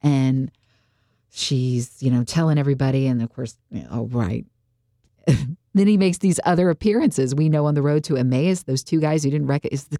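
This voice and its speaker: A woman with a low, mellow voice tells a story in casual conversation. She acts out what people said as she goes, and her delivery stays lively. The room is dry, close and dead. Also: no echo. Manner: animated storytelling, acts out quotes. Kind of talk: casual faith discussion.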